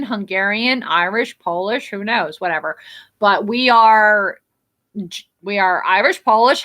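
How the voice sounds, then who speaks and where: Jersey-accented woman hosting a live stream, chatty and blunt, cusses easily, sharp bright tone. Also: medium pitch. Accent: New Jersey. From New Jersey. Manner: rambling, blunt, swears freely. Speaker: livestream host. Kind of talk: casual live-stream chat reading viewer comments.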